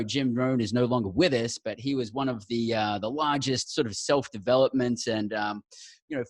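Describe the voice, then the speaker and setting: A man's voice: mid-range voice, dry recording. A man hosting a podcast, talking in an enthusiastic, effusive casual way. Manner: enthusiastic, effusive, says "awesome" and "mate". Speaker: podcast host. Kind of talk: casual interview chat.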